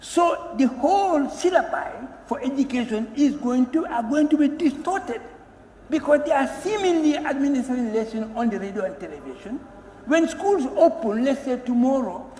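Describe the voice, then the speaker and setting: A man's voice: extremely high pitch, darkish tone. A man, a member of parliament giving an earnest floor speech to the Speaker, pleading emphatically and repeating his words. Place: parliamentary chamber. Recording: echoey chamber with long reverb and faint hum.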